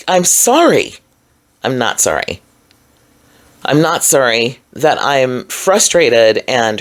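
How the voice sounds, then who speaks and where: A woman recording a solo video commentary alone in a room, talking in a frustrated, emphatic and rambling way with many fillers. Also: sits low. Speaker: vlogger.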